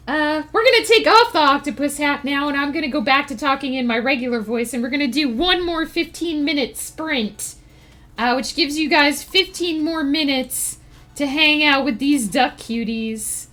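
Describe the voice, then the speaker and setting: A woman's voice: high voice, expressive, measured pace, a bit bright, faint music behind. A woman streamer chatting casually with her live chat, reacting to messages and laughing often. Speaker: streamer and writer.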